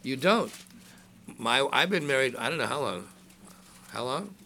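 A man's voice: medium pitch, lively intonation, measured pace, bright, forceful tone, a little hiss or hum. A man in his sixties preaching a sermon in a conversational way, joking with the congregation and reading scripture aloud in a raised voice. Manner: conversational preaching with asides and jokes. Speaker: pastor.

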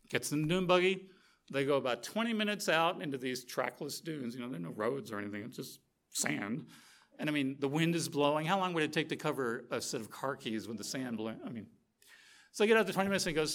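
A middle-aged man preaching a sermon, telling a story with lively, animated energy and acting out the quotes. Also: on the high side, quick pace.

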